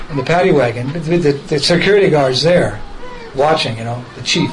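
A man telling a personal story in a casual, lively way, laughing as he goes and acting out other people's voices. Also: on the high side, fairly quick, noisy background. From United States.

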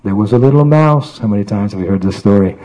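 A man preaching a storytelling sermon, lively as he tells a tale and does voices for its characters. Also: lowish voice, fast talker, rough recording.

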